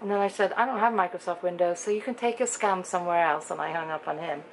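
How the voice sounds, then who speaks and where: A middle-aged British woman vlogs casually from her bedroom, telling a story to the camera in a chatty, exasperated way. Her voice sits on the low side with vocal fry, and she talks quickly. The audio is poor, with a little hiss or hum.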